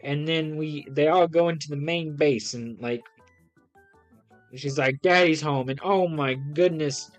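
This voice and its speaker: A man casually reviewing comics on a live stream, excitable and rambling with lots of ums and restarts. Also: fairly high pitch, a little slow, soft background music, rough recording.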